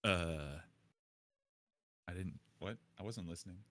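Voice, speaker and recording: A man's voice: sits low, slow pace, pushed and bright, a little hiss or hum. A man playing a tabletop game, given to joking banter. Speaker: player. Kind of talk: casual tabletop play.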